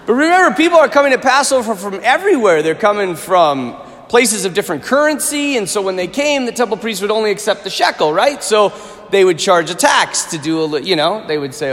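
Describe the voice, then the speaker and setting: A man preaching a homily as a Catholic priest, conversational and animated, mixing humor into his preaching. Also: high-pitched, fast talker. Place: large church. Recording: reverberant church hall.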